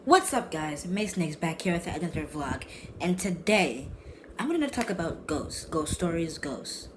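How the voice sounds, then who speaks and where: A man's voice: on the high side, sing-song, normal speed. Rambling young man, noisy vlog recording. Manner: rambling, slangy, repeats and restarts himself. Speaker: vlogger. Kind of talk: casual storytelling vlog.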